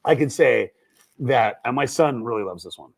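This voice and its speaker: A man's voice: mid-range voice, expressive, moderate pace, creaky. A middle-aged man hosting a livestream from a film set, casual, playful and jokey, rambling as he talks. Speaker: show co-founder and livestream host.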